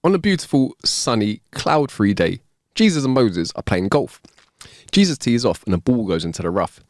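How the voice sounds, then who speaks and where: A man co-hosting a podcast, reading jokes aloud in an expressive, casual way. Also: moderate pace, dry recording, studio quality. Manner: expressive reader, swings pitch widely. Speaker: podcast co-host. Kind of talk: casual joke-telling chat.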